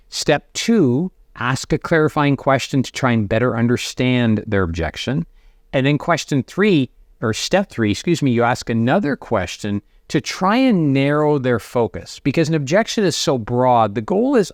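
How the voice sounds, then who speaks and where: A middle-aged man coaching sales to camera, conversational and energetic, acting out sample lines to prospects. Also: mid-range voice, moderate pace, no room sound, clean studio sound. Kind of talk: direct-to-camera coaching talk.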